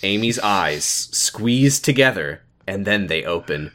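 A man's voice: on the low side, animated, a little slow, a bit bright. A man co-hosting a comedy podcast, reading a fanfic aloud and cutting in with dry, blunt remarks. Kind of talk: casual comedic chat.

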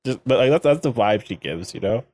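A man's voice: medium pitch, animated, brisk, darkish tone. A man co-hosting a podcast in casual chat, recapping a show with jokes, laughing often and acting out characters' lines. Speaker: podcast co-host.

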